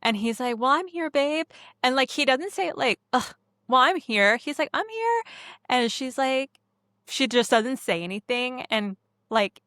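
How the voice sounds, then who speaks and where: A woman's voice: high voice, normal speed, a bit bright, no room sound, studio quality. A young woman cohosting a movie podcast, chatting casually with a rambling, filler-heavy way of talking. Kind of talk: casual chat.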